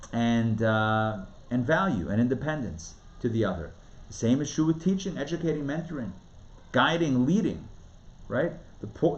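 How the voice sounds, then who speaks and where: A man, a rabbi, giving a live Torah class in a conversational, emphatic way, swinging between booming lines and hushed ones. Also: highs cut off. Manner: conversational, quick asides and restarts.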